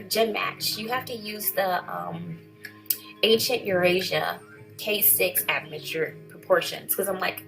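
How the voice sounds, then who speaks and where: A woman's voice: medium pitch, a little slow, gravelly, a bit bright, faint music behind, rough recording. A woman chatting casually in a vlog, rambling and correcting herself as she reads through things. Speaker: vlogger.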